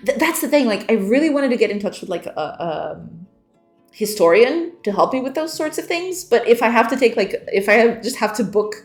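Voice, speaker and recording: A woman streamer chats with her viewers and giggles often, her pitch bouncing up and down. She reads chat aloud as she goes. The sound carries a roomy echo, with soft music playing underneath. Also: lively intonation, a little fast. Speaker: game developer streamer. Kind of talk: casual livestream chat with viewers.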